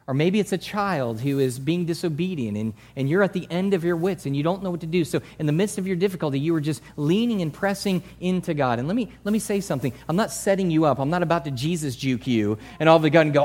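Male pastor, sermon, higher-pitched, chatty delivery with loud peaks. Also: quick pace. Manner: conversational, acts out congregants' voices, swings from soft to loud.

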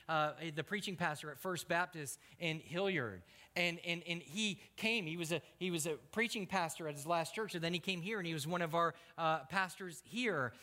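Pastor guy preaching, bright kinda high voice, stammers and repeats, big echoey church hall. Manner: animated storytelling with acted-out prayers and repeated stammers. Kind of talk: sermon. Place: church sanctuary. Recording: long hall reverb.

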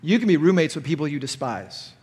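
Preaching a conference sermon, a pastor speaks in a brisk, husky voice that sits high for a man. He's animated, growing loud and sharp whenever he acts out the people he's quoting, and a long reverb from the large hall trails every phrase.

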